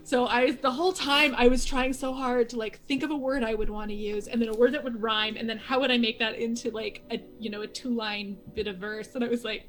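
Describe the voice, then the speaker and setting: A woman in relaxed conversation with a bright, slightly high voice. She tells stories animatedly and laughs often. Faint music plays in the background. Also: quick pace, hardly any pauses. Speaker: guest. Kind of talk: casual chat.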